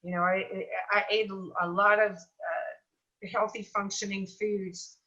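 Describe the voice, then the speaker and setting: A middle-aged woman chatting as an interview guest, talking in an animated, storytelling way with plenty of fillers. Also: medium pitch, takes it slowly, highs cut off. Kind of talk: casual interview chat.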